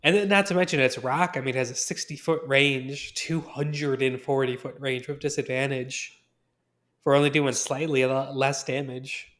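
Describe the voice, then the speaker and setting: A man's voice: mid-range voice, fairly even intonation, a bit bright. Agreeable man chiming in on a podcast. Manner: agreeable, adds quick points with short backchannels. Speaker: podcast co-host. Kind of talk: casual discussion.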